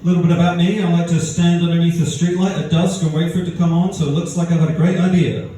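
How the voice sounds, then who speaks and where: Deadpan stand-up man with Australian-sounding accent. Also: on the high side, quick pace. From outskirts of London. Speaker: stand-up comedian. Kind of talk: stand-up comedy set. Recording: echoey room heard from far off, faint noise. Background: audience laughter.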